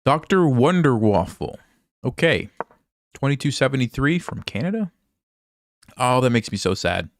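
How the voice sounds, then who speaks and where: A hoarse man commentating his own online games as a chess coach, thinking aloud in a relaxed way and quizzing viewers. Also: mid-range voice, moderate pace, pauses often, dry recording, clean studio sound. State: hoarse, losing his voice, coughing. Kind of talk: casual live game commentary.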